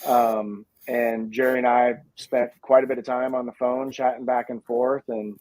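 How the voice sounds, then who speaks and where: A man's voice: medium pitch, flat delivery, normal speed, darkish tone, no room sound. A man speaking as the guest on a casual video chat, thoughtful and hedging, with plenty of fillers. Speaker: guest, pizza dough company founder. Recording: dull lo-fi sound.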